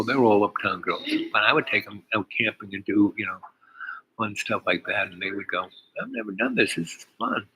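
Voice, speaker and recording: A man's voice: fairly low pitch, background noise. An older man telling a long personal story in a meandering way, with many fillers and restarts. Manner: meandering, full of "you know" and restarts. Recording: crowd chatter behind. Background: crowd chatter.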